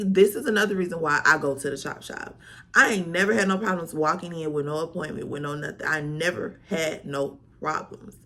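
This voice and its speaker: Sassy woman with a sharp bright voice. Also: lowish voice. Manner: sassy, animated storytelling with slang. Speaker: vlogger. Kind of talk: storytime vlog.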